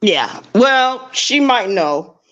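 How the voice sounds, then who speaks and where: A woman speaking slowly and deliberately as a call-in guest, blunt and emphatic, going over her points more than once. Her voice comes through an online call with dull, muffled lo-fi audio. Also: fairly high pitch, sing-song, fairly bright tone. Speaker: guest caller. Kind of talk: casual drama commentary. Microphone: online call through a browser.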